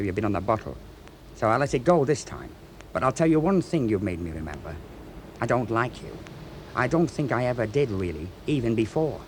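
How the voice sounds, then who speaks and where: A man's voice: mid-range voice, a little hiss or hum, natural voice, rough recording. An actor playing a menacing able seaman in a radio drama, mocking and then threatening. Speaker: ship's crewman. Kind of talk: 1970s radio drama acting.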